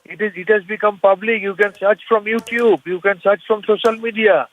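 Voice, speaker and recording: A man's voice: sits high, fairly even intonation, normal speed. A man speaking as a party spokesperson in a TV debate, insistent and repetitive, cutting in with repeated denials. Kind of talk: remote debate panelist. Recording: phone-like remote line.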